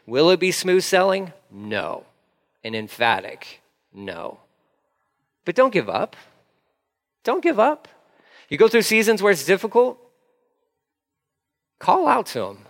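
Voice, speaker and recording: A man's voice: medium pitch, a bit bright. Emphatic preacher man in a reverberant hall. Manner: emphatic, repeats phrases for stress. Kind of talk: casual conversational sermon.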